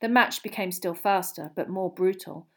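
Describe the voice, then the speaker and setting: A woman reading a storybook aloud in steady narration. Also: fairly low pitch, normal speed. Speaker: audiobook reader.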